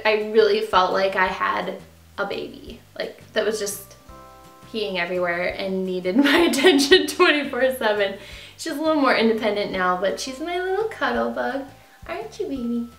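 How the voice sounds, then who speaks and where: Young female beauty vlogger, casual and gushing, breaks into baby talk; roomy sound, soft music bed. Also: vocal fry. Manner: gushing, rises to high baby talk with the puppy. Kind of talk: casual vlog chat. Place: home. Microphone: camera with ring light.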